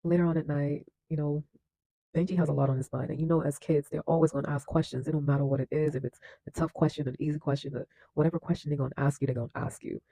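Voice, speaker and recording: A man with a mellow, warm voice talking through a movie scene by scene. He chats casually, laughing here and there and using lots of fillers. The sound is close and dry. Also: fairly high pitch, fairly even intonation, quick pace, creaky, no echo, rough recording. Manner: chatty, leans on fillers, laughs often. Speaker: film reaction host. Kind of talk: casual movie recap and commentary.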